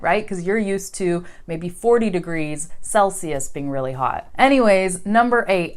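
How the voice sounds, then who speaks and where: Chatty American woman teaching English. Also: medium pitch. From United States. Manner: chatty and animated, acting out quoted voices. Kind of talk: casual video lesson to learners.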